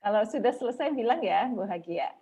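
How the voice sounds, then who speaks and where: A woman's voice: fairly high pitch, animated, quick pace, husky. A woman moderating a lecture Q&A over a video call, with lots of laughter and fillers. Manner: warm praise, frequent laughter, many fillers. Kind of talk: hosting an online lecture Q&A.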